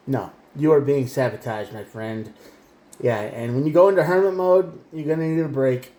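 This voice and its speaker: A man's voice: medium pitch, moderate pace, dark tone, roomy sound, slight background noise. A man giving a rambling, emphatic tarot reading, often restarting his sentences. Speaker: tarot reader.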